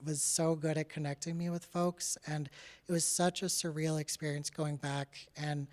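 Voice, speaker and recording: A young adult artist from Canada talks through their own work in a loose, candid presentation. The delivery is chatty and full of "like" and "uh", with a laugh slipping in from time to time, and the pitch sits at a middle level. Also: little pitch movement, moderate pace, darkish tone. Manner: candid and chatty, with frequent "like" and "uh" fillers; laughs now and then while speaking. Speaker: artist giving a talk. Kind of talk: casual presentation about their artwork.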